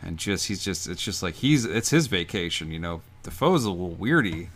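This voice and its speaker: A man in casual comedic chat, rambling through animated comic stories. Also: low voice, moderate pace, slight background noise. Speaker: podcast co-host.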